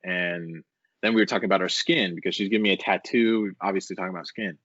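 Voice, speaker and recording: A young man talking as a podcast guest, telling a rambling, animated story full of swearing and filler words. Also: low-pitched, quick pace, dry recording. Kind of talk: casual storytelling interview. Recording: dull, dry lo-fi recording.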